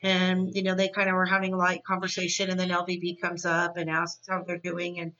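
A woman's voice: lowish voice, completely flat delivery, brisk, pushed and bright, recorded from a distance, highs cut off. A woman podcast host giving a casual, chatty, opinionated episode recap. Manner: chatty and opinionated, many fillers.

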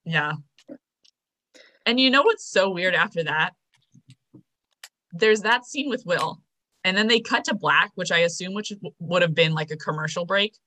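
A woman's voice: lowish voice, animated, moderate pace, long pauses, bright, forceful tone. A young woman co-hosting a podcast, casually recapping a TV episode, chatty and full of fillers. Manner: chatty, filler-heavy, storytelling. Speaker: podcast co-host.

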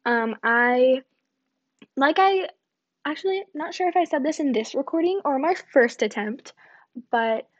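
A young woman hosting her own podcast, chatting casually and rambling a little, with lots of fillers and self-deprecating asides. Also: a little high. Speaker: podcast host. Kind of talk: casual solo podcast chat. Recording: dull lo-fi home recording.

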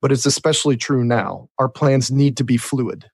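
A man, a guest on a podcast, talking casually and telling stories with lively repeated starts. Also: mid-range voice, normal speed, creaky, breathy edge, dry recording. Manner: animated storyteller who repeats words when starting. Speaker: guest, repair shop and software business owner.

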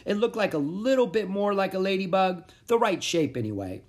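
An expressive reader narrating a children's storybook aloud in first person. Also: mid-range voice, brisk. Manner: expressive, animated. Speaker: audiobook narrator.

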